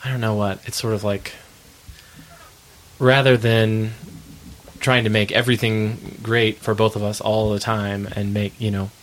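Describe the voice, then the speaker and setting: Male musician guest, lowish voice, reflective and halting. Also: flat delivery, a little hiss or hum, poor audio. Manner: thoughtful, searching for words, laughs easily. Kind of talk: casual interview chat.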